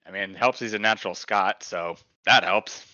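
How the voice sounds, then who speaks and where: A man's voice: on the low side, normal speed, bright, forceful tone. A man co-hosting a podcast, chatting enthusiastically and sharing opinions on a movie. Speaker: podcast co-host. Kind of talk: casual chat. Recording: dull lo-fi mic.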